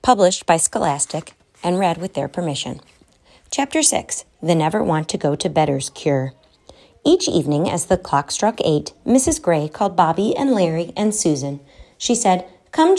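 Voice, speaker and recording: Woman narrator, children's book read-aloud, slightly low voice. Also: very animated, a little mellow. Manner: measured, storytelling.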